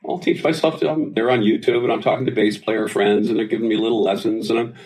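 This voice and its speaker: A man's voice: fairly low pitch, fast, low-quality recording. A man in his sixties, a singer as interview guest, telling anecdotes in casual talk. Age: 60s. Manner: animated storyteller, does voices in anecdotes.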